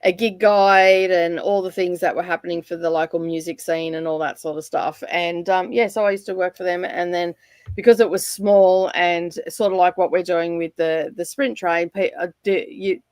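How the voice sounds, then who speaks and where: A woman's voice: on the low side, steady tone, moderate pace, darkish tone, no room sound. A middle-aged Australian woman in casual chat on a livestream, rambling and chatty, with lots of fillers and frequent laughter. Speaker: livestream guest.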